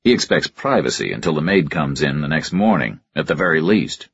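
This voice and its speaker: A man narrating a first-person crime story in a measured, deadpan way. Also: a bass voice, breathy edge, dry recording, lo-fi sound. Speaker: audiobook narrator.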